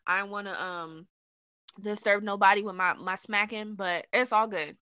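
A young woman co-hosting a casual podcast chat, animated and laughing, getting loud when she makes a point. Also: medium pitch, normal speed, clear, resonant tone, dry recording, clean studio sound. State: eating dinner while talking. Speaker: podcast co-host.

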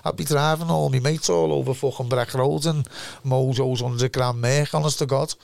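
Man, Liverpool accent, fifties, gravelly, rambling and sweary, dry sound. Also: medium pitch, steady tone, moderate pace, a little mellow, dry recording. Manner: rambling, swears freely, repeats himself. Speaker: guest, former footballer. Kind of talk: casual storytelling interview.

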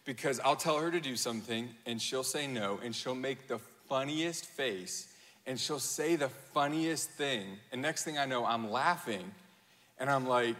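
A man in his thirties preaches with a bright, forceful voice that rings through a large hall with a long reverb. He tells stories with animated energy, acting out quotes and laughing at himself. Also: medium pitch, measured pace. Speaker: pastor. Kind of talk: sermon.

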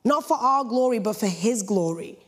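Young female British preacher, playful storyteller, slightly high voice. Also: moderate pace. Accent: British English. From Britain. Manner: lively, jokey storytelling. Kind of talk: sermon.

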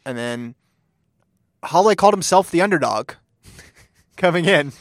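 A man's voice: fairly high pitch, lively intonation, a little slow, dry recording, clean studio sound. A man hosting a casual sports chat, enthusiastic and laughing as he tells anecdotes.

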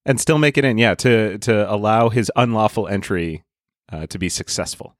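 A man's voice: lowish voice, lively intonation, normal speed, no echo. Dry-humored guy on a comedy podcast, bouncy intonation, no room sound. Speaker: podcast co-host. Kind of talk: casual comedy chat.

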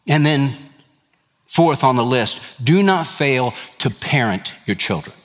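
A man's voice: medium pitch, animated, takes it slowly. A middle-aged male pastor preaching a sermon in an earnest, emphatic way, often working through numbered points. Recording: hall reverb.

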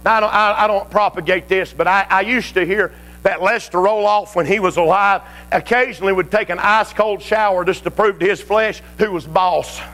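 A man's voice: high voice, steady tone, fairly quick. A man with a Southern US accent, a pastor preaching a folksy, emphatic sermon in church. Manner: folksy, emphatic, swings to shouting.

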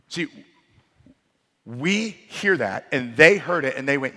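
A male pastor preaching a sermon, telling stories with lively, dramatic shifts in his voice. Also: a little high, a little slow. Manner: animated storytelling, dramatic voice shifts. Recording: long hall reverb.

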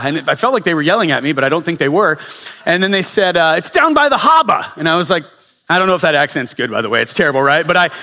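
A man's voice: high-pitched, pushed and bright. A male pastor giving a sermon in a casual storytelling way, with frequent filler uhs. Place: church sanctuary. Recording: long reverb of a church hall.

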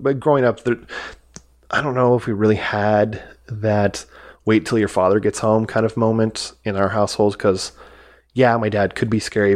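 Man, podcast host, casual movie chat, rambling, lowish voice. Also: vocal fry, a little mellow. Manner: rambling, with many fillers and acted-out quotes.

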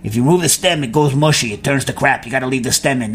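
A man's voice: mid-range voice, fast talker, a bit bright, slight background noise. A man hosting a food radio show, answering a listener's question in a rambling, chatty way full of fillers and restarts. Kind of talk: casual call-in answering.

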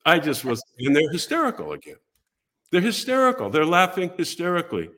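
An older man, a podcast guest, telling an animated story and acting out the other people in it. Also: on the high side, fast talker.

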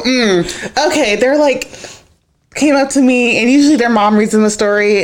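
A woman's voice: fairly high pitch, a little fast. A woman co-hosting a podcast in casual chat, telling stories with lots of laughter. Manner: animated storyteller, laughs a lot. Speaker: podcast co-host.

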